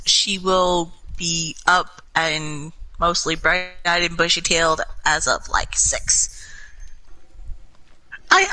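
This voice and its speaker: A young woman in a gaming group tells a rambling, self-mocking story over voice chat while gaming, chatting casually. Her medium-pitched voice is bright and forceful, and the audio is poor.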